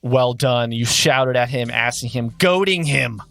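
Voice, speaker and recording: A man's voice: mid-range voice, measured pace, gravelly, a bit bright, no room sound, clean studio sound. A man acting as game master, giving rulings in a rambling, self-correcting way. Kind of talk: running a tabletop game.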